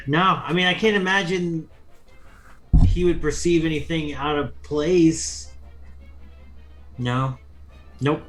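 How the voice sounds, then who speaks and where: A man with a fairly high voice plays in a tabletop game, thinking aloud at an unhurried, slow pace. Faint music sits in the background. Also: rough recording. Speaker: player. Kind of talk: casual game chat.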